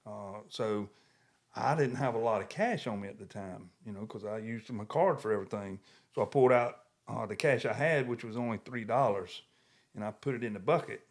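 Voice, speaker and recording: A man's voice: lowish voice, brisk. Man, Southern US accent, casual storytelling, laughs often, co-host. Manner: storytelling, laughs often, self-described country boy. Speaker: podcast co-host. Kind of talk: casual chat.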